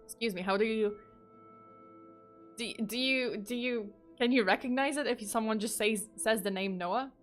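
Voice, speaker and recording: A woman's voice: on the high side, moderate pace, faint music behind. Giggly woman telling horror stories. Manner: giggly, breaks off into rambling asides. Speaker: streamer and storyteller. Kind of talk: live-streamed horror story reading.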